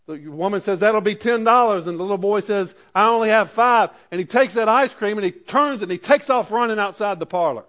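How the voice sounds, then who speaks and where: A man's voice: high voice, fairly quick, few pauses, a bit bright. A man preaching a sermon in a conversational way, building to emphatic peaks. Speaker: pastor.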